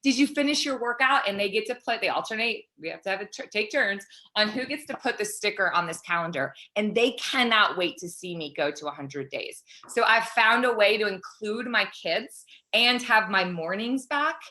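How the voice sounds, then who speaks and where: A woman in her thirties, a fitness coach talking fast and excitedly as a guest on a call interview. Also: mid-range voice. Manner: excited, fast-flowing, pep-talk energy.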